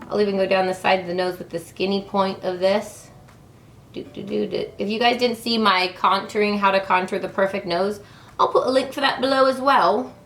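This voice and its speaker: A woman's voice: mid-range voice, reverberant, slight background noise. A woman in her thirties chatting through a makeup tutorial, bubbly and talking straight to her viewers. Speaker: beauty vlogger.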